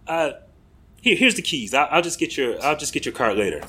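Man voicing a relaxed Irish B&B owner, put-on Irish accent, pitched way up, offhand. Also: fairly quick, husky, full character voice. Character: easygoing Irish man running a bed and breakfast.

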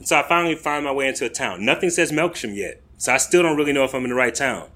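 A man's voice: mid-range voice, expressive, quick pace, bright, forceful tone. A young American man hosting a podcast, telling a story in a laid-back way with many fillers and laughs. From United States. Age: young adult. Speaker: podcast host. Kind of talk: casual storytelling.

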